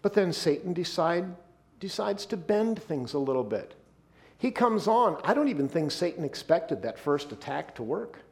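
High, lively-voiced male pastor preaching. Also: vocal fry. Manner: emphatic, slows down and drops his voice to stress points. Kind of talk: sermon.

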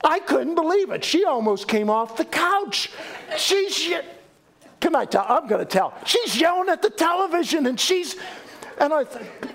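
A middle-aged man preaching a sermon as pastor, animated and folksy, with joking asides and repeated phrases. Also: very high-pitched, measured pace.

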